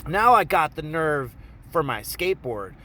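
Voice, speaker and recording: A man from Oregon casually telling a personal story in a rambling, profane, animated way. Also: fairly high pitch, a little slow.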